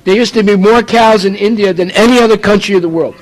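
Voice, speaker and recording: A man's voice: sits high, quick pace, rough recording. A man from the United States preaching a sermon, emphatic and full of rhetorical questions.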